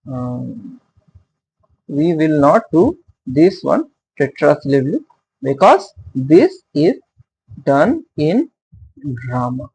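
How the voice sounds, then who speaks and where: A male teacher, explaining poetry meter in a halting way, with many fillers and questions put to his listeners. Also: a little high, very animated, creaky, darkish tone, husky, low-quality recording. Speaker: literature teacher. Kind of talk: casual classroom-style explanation.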